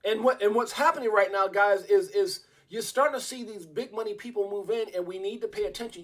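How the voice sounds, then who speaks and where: A middle-aged man hosting a casual crypto livestream, talking in an excitable, repetitive storytelling way. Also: high-pitched, a little fast, hardly any pauses.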